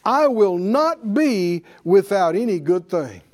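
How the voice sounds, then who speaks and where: A high-voiced preacher with big pitch swings addresses his congregation slowly, throwing out questions and emphatically repeating key phrases in a call-and-response sermon at church.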